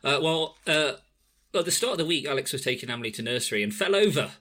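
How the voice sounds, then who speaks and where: A man with a sharp, tense voice and a husky edge hosts a casual podcast chat. He teases his co-hosts dryly, and his pitch swings lively up and down as he talks. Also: fast talker. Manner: wry, teasing. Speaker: podcast host.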